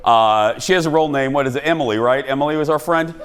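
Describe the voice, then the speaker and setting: A man's voice: mid-range voice, fast, clear, resonant tone. A man hosting a comedic talk show in a TV studio, telling self-deprecating stories and jokes to a live audience. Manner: jokey, animated, self-deprecating storyteller. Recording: studio audience and background noise.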